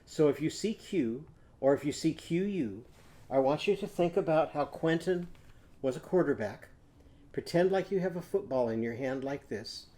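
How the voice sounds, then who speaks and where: A male teacher leads a children's phonics lesson, gentle and patient as he tells a story and leads slow songs for the class to repeat. His voice sits a little high and sounds soft and mellow. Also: animated.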